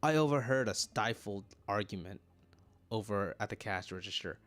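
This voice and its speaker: A man's voice: on the low side, expressive, moderate pace, fairly bright tone. A man giving casual, self-deprecating commentary while playing through a dating game. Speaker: game streamer.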